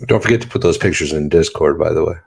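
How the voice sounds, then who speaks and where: A man's voice: a bass voice, quick pace, gravelly, soft background music. A man co-hosting a casual late-night stream, joking dryly and reading a passage aloud in a grave tone. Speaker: podcast co-host and chat mod.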